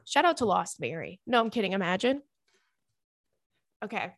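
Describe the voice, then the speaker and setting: A young woman hosting a podcast, reading listener emails and chatting in a gossipy, animated way, full of "girl" and "like". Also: mid-range voice, normal speed. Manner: gossipy, animated, swearing, says "girl" and "like" often. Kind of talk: casual chat.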